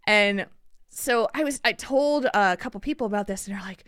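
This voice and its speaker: Woman, podcast co-host, bright clear voice, animated storytelling, dry close sound. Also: medium pitch, moderate pace, dry recording. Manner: animated, acts out people in the story. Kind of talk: casual storytelling.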